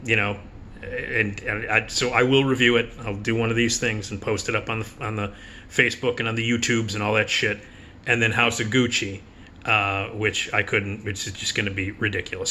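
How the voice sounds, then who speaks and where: A man's voice: on the low side, sharp tone, a little hiss or hum. A man giving a casual preview of upcoming movies as a critic, blunt and profane, with sarcastic asides. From United States. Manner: does quick mocking impressions. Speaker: film critic.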